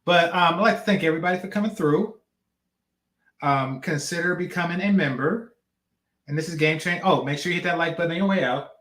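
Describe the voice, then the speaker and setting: A man's voice: on the high side, quick pace, a bit bright, roomy sound. A man hosting a reaction channel, giving blunt, slangy commentary on a clip.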